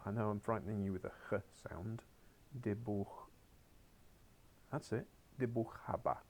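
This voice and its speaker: A man's voice: lowish voice, fairly even intonation, a little slow, a little mellow, slight background noise. A man teaching a beginners' Spanish class, coaxing his pupils along with wry asides and muttered whispers, heard in a school classroom.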